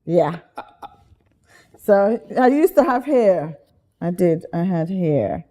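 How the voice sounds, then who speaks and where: Lively woman guest, mellow tone, animated storytelling. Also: fairly low pitch, takes it slowly. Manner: lively, chatty, slips into voices while telling stories.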